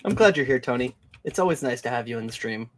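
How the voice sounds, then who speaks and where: Male co-host, casual and joking, tells rambling stories at an easy mid pitch. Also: lively intonation, fast talker, a little hiss or hum. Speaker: stream co-host. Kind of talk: casual chat.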